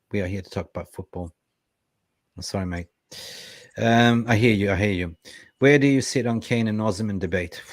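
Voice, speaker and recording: Male fan-show co-host, young adult, low voice, lively chat-reader, dry mic. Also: no echo. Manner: lively, reads viewer comments aloud. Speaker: co-host reading live chat. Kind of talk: casual football fan chat.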